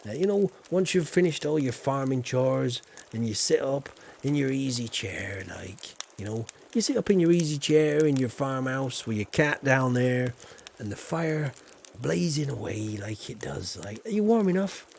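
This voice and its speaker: A gravelly-voiced man from Yorkshire who speaks with a southern English accent. He streams a farming game and chats easily and jokingly with his viewers, at an everyday middle pitch. A faint hiss sits under his voice. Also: animated, unhurried. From Yorkshire, England. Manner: chatty, playful, talks straight to chat viewers. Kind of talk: casual live-stream chat while gaming.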